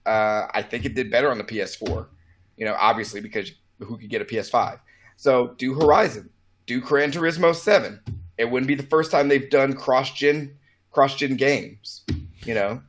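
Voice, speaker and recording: Podcast cohost guy, average pitch, opinionated, wry little jabs, casual chat. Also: normal speed. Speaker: podcast co-host. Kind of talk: casual gaming news chat.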